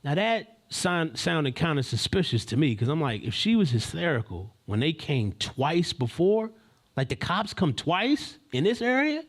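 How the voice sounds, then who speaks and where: A man's voice: on the high side, very animated, a little slow. Slangy, rambling male storyteller. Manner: rambling, slangy, many restarts and asides. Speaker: live stream host. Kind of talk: casual storytelling.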